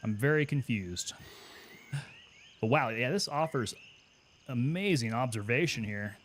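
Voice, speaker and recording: A man talks casually through his gameplay, wondering aloud and answering viewers' questions. His voice sits at an ordinary mid pitch. A faint hiss stays under the voice. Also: animated, measured pace, fairly bright tone. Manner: chatty, thinks aloud, answers chat questions. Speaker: gaming streamer and Army veteran. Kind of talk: casual live gameplay commentary.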